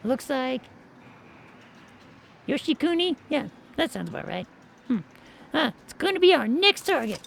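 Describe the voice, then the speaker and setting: A woman voicing a brisk, sharp young female sidekick in a video game, matter-of-fact in tone. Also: sits high, big pitch swings, creaky, slight background noise, heavily acted.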